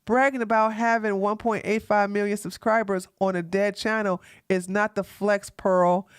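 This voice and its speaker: A woman's voice: medium pitch, level tone, normal speed, clean tone, dry recording, studio quality. A woman from the Washington DC area hosting a drama commentary livestream, sassy and mocking, talking straight to her chat. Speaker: livestream host.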